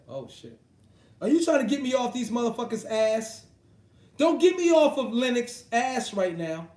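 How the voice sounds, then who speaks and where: A man with a very high voice fires off a foul-mouthed boxing rant, calling people out and cursing at every turn. He keeps lurching between loud outbursts and low grumbles as he talks to his viewers. The sound is roomy and echoey. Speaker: boxing commentator ranting to his live chat. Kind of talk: profane off-the-cuff rant.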